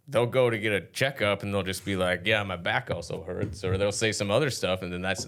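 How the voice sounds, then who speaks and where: A man's voice: low voice, fairly bright tone. A man co-hosting a podcast, telling a rambling, profane story in casual chat. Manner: rambling, heavy swearing. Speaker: podcast co-host.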